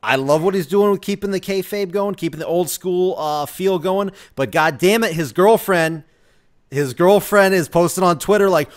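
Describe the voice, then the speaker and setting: A man co-hosting a wrestling podcast in casual chat, excitable, cursing freely and restarting his sentences. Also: high voice, moderate pace. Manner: excitable, swearing, trailing restarts. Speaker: podcast co-host.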